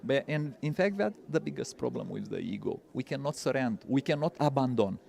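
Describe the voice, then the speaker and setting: A man's voice: medium pitch, expressive, a little fast, vocal fry, a little mellow. Guy teaching spiritual stuff, earnest, keeps repeating words. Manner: earnest, repeats words, non-native phrasing. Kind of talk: interview answers.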